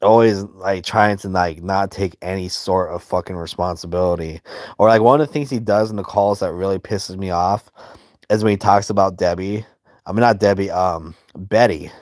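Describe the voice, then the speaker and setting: A man's voice: low voice, moderate pace, a little mellow, no echo, studio quality. A man streaming and drawing as he comments in a crude, heavily profane, rambling way. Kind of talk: casual commentary while drawing.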